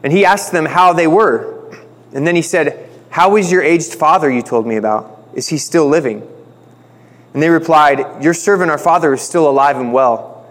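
A pastor preaching a sermon in a casual, conversational way, joking and acting out the quotes. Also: male voice, fairly high pitch, moderate pace, in a large hall.

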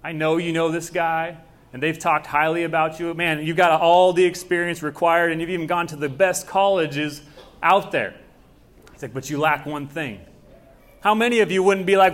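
Young male pastor, conversational sermon delivery with acted dialogue, slightly high-pitched. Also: fairly even intonation, moderate pace, a bit bright.

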